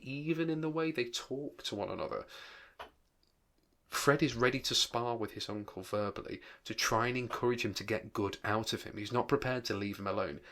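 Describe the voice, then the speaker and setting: A man's voice: medium pitch, a bit bright. A male teacher, reading a novel aloud and breaking off into conversational explanations. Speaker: English teacher. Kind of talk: read-aloud with rambling commentary.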